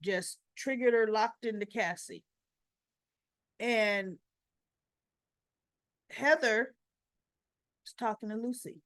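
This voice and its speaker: A woman's voice: on the high side, slow, pauses often, a bit bright, no echo, clean studio sound. A woman hosting a casual soap opera recap vlog, giving strong opinions and retelling scenes with quoted dialogue.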